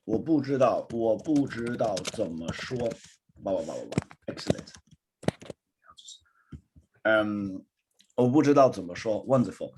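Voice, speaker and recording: A man's voice: lowish voice, expressive, a little slow, long pauses, noisy background. A man teaching a live online Mandarin lesson, switching between English and Mandarin and coaching a student encouragingly. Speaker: Chinese teacher.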